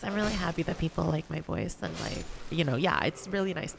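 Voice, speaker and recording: A young woman chatting casually while streaming a game, rambling with lots of fillers and sometimes lifting her voice higher on purpose. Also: sing-song, fast, vocal fry, few pauses, a little hiss or hum. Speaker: gaming streamer. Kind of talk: casual gameplay commentary.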